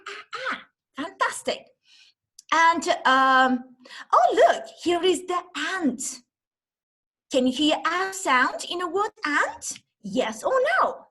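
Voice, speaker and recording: A high-voiced woman leads an online teaching demo over a video call, her pitch leaping up and down in a sing-song classroom way. She takes her time, drawing out each letter sound, and her tone stays bright and clear. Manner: slow, exaggerated classroom talk, sounding out letters. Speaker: teacher trainer.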